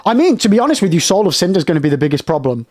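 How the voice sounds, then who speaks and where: A man's voice: sits high, big pitch swings, rapid-fire, a little mellow, soft background music. A young man streaming a game live, elated and shaky with nerves after a win, talking to his chat in bursts.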